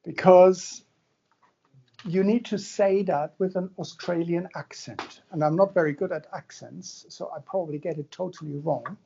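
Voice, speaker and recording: A man's voice: high voice, moderate pace, gravelly, warm tone, breathy edge, lo-fi sound. A man giving a university lecture in a conversational, joking way, often checking in with his listeners. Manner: conversational, jokey, checks in with the audience. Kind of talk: classroom lecture.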